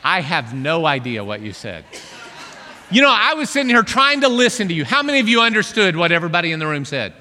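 A man preaching a sermon to his congregation, animated and joking with the crowd. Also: on the high side, quick pace. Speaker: pastor. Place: church hall. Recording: long reverb of a large hall.

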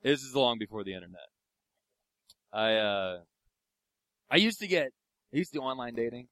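A man's voice: medium pitch, lively intonation, moderate pace, fairly bright tone, no room sound. A young man doing a profane stand-up comedy set, ranting and acting out the people in his stories. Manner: profane, ranting, acts out quoted voices.

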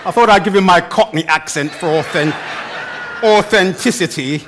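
A middle-aged man preaching a sermon, with dramatic emphasis, pauses and humorous asides. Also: high-pitched, a bit bright, a little hiss or hum.

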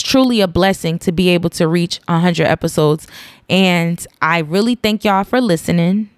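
A woman's voice: lowish voice, normal speed, dry recording, studio quality. A woman in her thirties hosting her own podcast from home, rambling earnestly and getting emotional to the point of tears. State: tearful. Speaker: podcast host. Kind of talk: casual solo podcast monologue.

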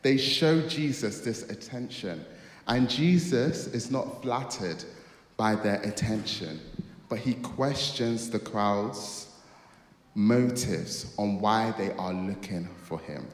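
Male pastor, mid pitch, animated storyteller, recorded in a reverberant church hall. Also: takes it slowly. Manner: storytelling, acts out dialogue, dramatic outbursts. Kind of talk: sermon. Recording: echoey hall with long reverb.

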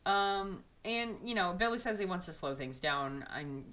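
A woman's voice: fairly low pitch, lively intonation, measured pace, fairly bright tone. A woman co-hosting a podcast, chatting casually and giggling as she recaps a reality show and quotes people in mock voices. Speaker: podcast co-host.

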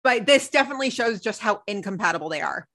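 A young woman co-hosting a casual recap chat, telling the story with lively acted-out quotes. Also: medium pitch, quick pace. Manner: animated storytelling, acts out quotes. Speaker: podcast co-host.

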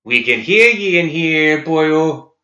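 A man voicing a gleeful, murderous male asylum patient who taunts in a lilting, high, loud voice. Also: expressive, takes it slowly, heavily acted. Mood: gleeful taunting. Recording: echoey, slightly dull recording.

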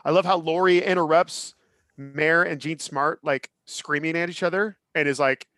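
Podcast guy, 30s, kinda high voice, rambles and opines, dry sound. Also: moderate pace, no room sound. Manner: animated, opinionated, rambling with many restarts. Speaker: podcast co-host. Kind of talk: casual chat.

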